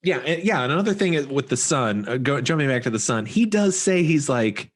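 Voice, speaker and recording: Male co-host, mid-pitched, easygoing rambling film recap. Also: brisk. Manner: relaxed, rambling recaps with filler words. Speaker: podcast co-host. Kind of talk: casual chat about a horror film.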